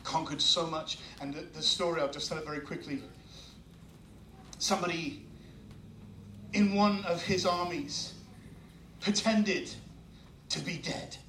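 Animated preacher in a roomy hall. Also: male voice, fairly high pitch, measured pace, pauses often, a little hiss or hum. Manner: animated storytelling with laughs. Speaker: pastor. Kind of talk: sermon. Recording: roomy sound from far off mic.

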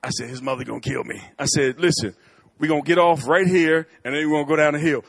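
A middle-aged man preaching a sermon in church, telling stories with lively swings between bold, loud lines and quiet asides. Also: a little high, fast, vocal fry. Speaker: guest preacher. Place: church sanctuary.

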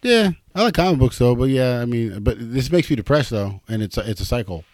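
A man's voice: medium pitch, fairly quick, dry recording. A man hosting a casual comedy podcast, jokey and ranting. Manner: animated, jokey, rants. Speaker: podcast host.

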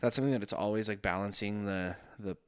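A man's voice: fairly low pitch, quick pace, smooth, no echo, studio quality. A man who is a pastor, talking about his faith in an earnest, reflective, casual way. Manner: reflective, earnest, thinking aloud.

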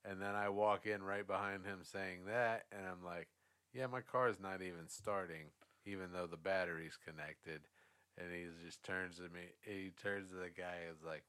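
Low-voiced man telling a rambling story. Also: a bit bright, clear, resonant tone. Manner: rambling, profane, acts out quotes. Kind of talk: casual storytelling chat.

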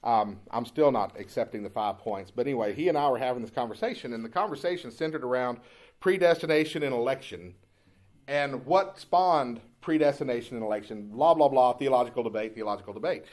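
A man preaching a sermon as pastor, moving from calm, conversational storytelling into loud, impassioned preaching. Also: medium pitch, brisk.

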